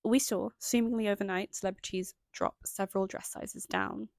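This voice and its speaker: A woman's voice: mid-range voice, fairly even intonation, moderate pace, creaky, dry recording. A young woman narrating a scripted video essay, stopping now and then for chatty, self-conscious asides. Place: indoors at home, lighting changing.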